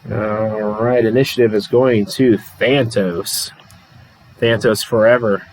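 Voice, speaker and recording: A man's voice: fairly low pitch, fairly even intonation, slow, a little mellow, a little hiss or hum, low-quality recording. A man from the Pittsburgh area hosting a livestream, calling a tabletop wrestling card game play by play, reading chat and laughing often at himself. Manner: chatty, laughs often, self-deprecating.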